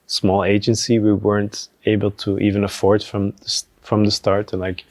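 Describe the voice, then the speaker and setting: A man talking casually on a podcast about running a venue, relaxed and hesitant with many fillers. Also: lowish voice, moderate pace, no room sound. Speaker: venue team member.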